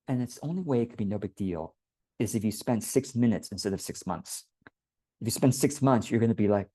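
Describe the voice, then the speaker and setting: A man, a business coach, teaching a workshop in a relaxed conversational way and acting out quoted voices. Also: mid-range voice, moderate pace, no echo.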